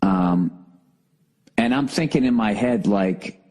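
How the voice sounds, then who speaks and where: Husky-voiced man ranting profanely. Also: on the low side, takes it slowly, a little mellow, low-quality recording. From United States. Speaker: podcast host. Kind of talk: solo comedic rant.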